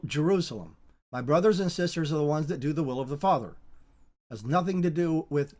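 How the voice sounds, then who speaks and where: Bible teacher, informal spoken lesson, middling pitch, halting delivery with many restarts and emphatic repeats. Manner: halting and repetitive, with frequent restarts and emphatic repetition.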